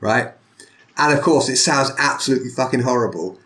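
A man hosting a conversational interview podcast, talking in a blunt, animated way. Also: mid-range voice, fairly quick. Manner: animated, blunt, lively storyteller. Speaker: podcast host.

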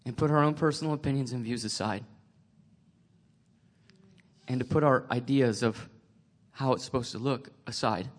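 A man sharing a personal faith testimony, emotional and tearful, halting with many restarts. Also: mid-range voice.

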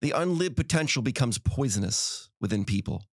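A man's voice: mid-range voice, expressive, normal speed, breathy edge, no room sound, studio quality. A man hosting a podcast, delivering a motivational monologue with an emphatic, repetitive preaching cadence. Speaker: podcast host.

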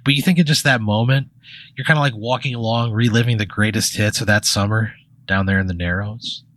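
A man's voice: fairly low pitch, fairly even intonation, a little fast, fairly bright tone. A man hosting a comedy podcast, narrating a rambling second-person hypothetical full of "like" and swearing. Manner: rambling, heavy use of "like" and swearing. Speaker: podcast host spinning a hypothetical.

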